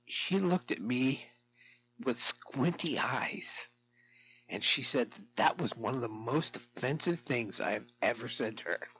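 A man's voice: mid-range voice, expressive, measured pace, sharp tone, husky, lo-fi sound. A middle-aged man vlogging in a rambling, profane, darkly joking monologue to camera.

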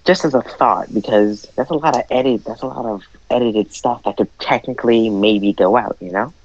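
A man's voice: medium pitch, moderate pace, a little mellow. A man chiming in on a casual podcast chat with joking interjections. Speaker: co-host chiming in. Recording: dull lo-fi recording.

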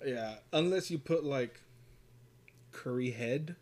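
A man's voice: mid-range voice, slow, a little mellow. A man hosting a casual podcast chat, rambling through stories with lots of fillers and swearing. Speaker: podcast host.

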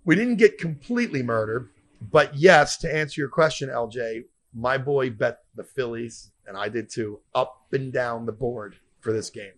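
A man's voice: mid-range voice, moderate pace, a bit bright. A man hosting a comedy podcast who tells a rambling story with lots of profanity.

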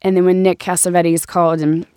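A woman's voice: brisk, clear, resonant tone, dry recording, clean studio sound. A woman in her thirties, an actress chatting as an interview guest and acting out quoted voices as she tells stories. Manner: animated storyteller, acts out quotes in higher voices. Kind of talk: casual interview chat.

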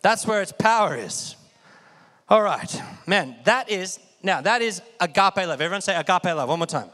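A pastor preaches an energetic sermon, urging the congregation to repeat after him. His voice sits high and is expressive and a bit bright at a moderate pace, with long hall reverb around it.

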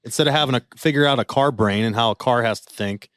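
A man co-hosts a podcast, chatting casually at a quick pace and rambling with plenty of filler. His mid-range voice is smooth and fairly bright, recorded cleanly in a studio with no echo.

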